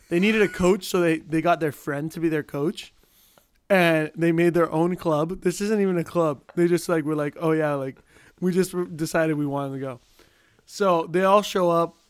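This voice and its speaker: A man's voice: high-pitched, no echo. A young man co-hosting a casual chat, rambling and laughing as he tells stories.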